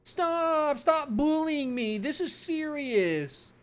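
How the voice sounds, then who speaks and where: A man's voice: extremely high pitch, expressive, takes it slowly, voice pushed up, full character voice. A man voicing a whiny male cop who pleads with his colleagues to stop mocking him. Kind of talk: voicing game dialogue.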